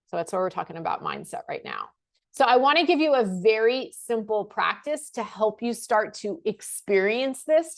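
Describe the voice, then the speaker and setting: Woman coaching slowly through affirmations. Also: medium pitch. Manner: slow, emphatic repetition of affirmations; laughs and self-corrects casually. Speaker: life coach host. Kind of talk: motivational talk to camera.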